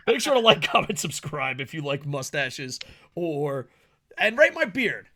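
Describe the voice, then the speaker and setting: Loud, laughing, high-voiced podcast man. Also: sing-song. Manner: loud, laughing, swearing, rapid banter. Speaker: podcast co-host. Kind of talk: casual podcast chat.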